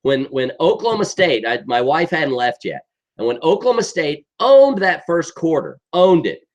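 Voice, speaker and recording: A man's voice: on the high side, sing-song, moderate pace. Exasperated man ranting about football. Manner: exasperated, emphatic, keeps asking "okay?". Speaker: sports commentator. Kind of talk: football rant.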